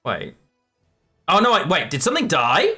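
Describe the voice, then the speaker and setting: A man's voice: high-pitched, wildly swooping pitch, normal speed, pushed and bright, husky, soft background music. A man live-streaming a card game, chatting with viewers and correcting himself as he plays. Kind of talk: live game commentary to chat.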